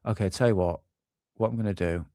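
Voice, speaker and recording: A man's voice: on the low side, brisk, warm tone, no room sound, studio quality. A man hosting a UFO live stream, rambling casually and swearing while he hunts for videos. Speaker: UFO channel host.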